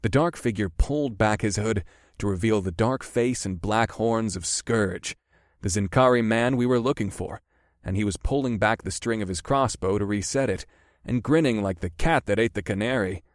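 A man narrating a first-person fantasy audiobook in a steady, measured way. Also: lowish voice, no echo, studio quality.

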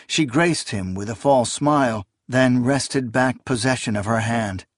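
A man reads a story aloud with measured, dramatic pacing, his voice at an ordinary middle pitch. The recording is dry and close with no room sound, typical of audiobook narration. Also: dry recording. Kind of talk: scripted narration.

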